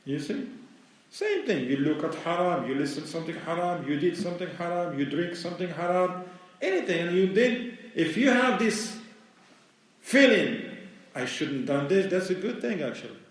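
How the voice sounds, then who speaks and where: A man's voice: sits high, animated, normal speed. A man giving a conversational religious lecture in plain, explanatory speech, speaking English with non-native grammar. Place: mosque lecture room. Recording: very echoey hall, mic far away.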